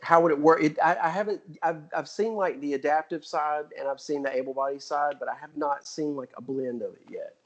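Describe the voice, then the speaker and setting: A man's voice: on the high side, steady tone, poor audio. A man in his forties, a guest on a podcast, talking casually with lots of fillers and restarts. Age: 40s. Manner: halting, with many fillers and restarts. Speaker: guest athlete. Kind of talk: casual interview chat.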